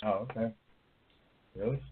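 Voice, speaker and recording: A man's voice: on the low side, a little slow, slightly rough. A man co-hosting an internet radio talk show, talking in an easygoing, drawling way and chuckling. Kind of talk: casual chat. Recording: phone-like audio.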